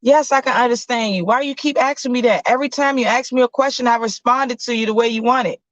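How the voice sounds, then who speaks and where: A woman's voice: fairly high pitch, quick pace, no room sound, voice pushed up, close to an everyday voice. A woman telling a story and voicing a young boy who sounds puzzled. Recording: dull lo-fi sound.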